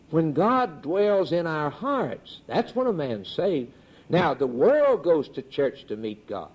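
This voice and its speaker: A man preaching a sermon with a rhythmic, repetitive cadence and sudden swings in pitch. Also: darkish tone. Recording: dull lo-fi recording.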